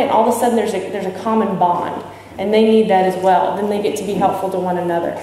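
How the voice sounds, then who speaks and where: A woman with a mid-range, mellow voice talks fast and steadily, barely pausing, as she shares her recovery experience at a recovery convention. Speaking candidly, she jokes with the audience in a large hall and asks them questions. The recording is echoey and distant, with a little hiss or hum.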